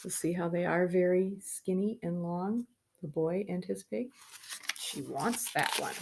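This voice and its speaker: A woman reading a children's book aloud, expressive and stopping to explain the pictures to young listeners. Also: lowish voice, unhurried, creaky. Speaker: storybook reader.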